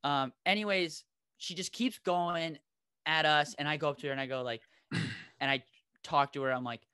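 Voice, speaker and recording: A man's voice: on the high side, steady tone, moderate pace, pushed and bright, clean tone, dry recording, clean studio sound. A man co-hosting a comedy podcast, telling a rambling anecdote and laughing as he goes. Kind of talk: casual storytelling.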